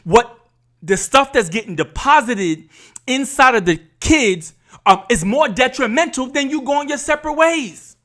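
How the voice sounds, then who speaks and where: A man's voice: extremely high pitch, animated, measured pace, bright, forceful tone. A man hosting a podcast, giving a candid, emphatic faith talk and speaking straight to his viewers as y'all. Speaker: podcast host.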